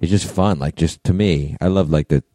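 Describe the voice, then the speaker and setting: Man, podcast co-host, very deep voice, warm dark tone, dry close recording. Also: no echo. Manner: chatty, quick to laugh along. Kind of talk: casual comedy podcast chat. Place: hotel room.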